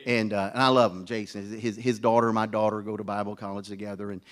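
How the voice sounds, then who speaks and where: A man's voice: fairly low pitch, flat delivery, fast talker. A middle-aged man preaching a conference sermon, folksy and joking, with stumbling restarts. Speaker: pastor.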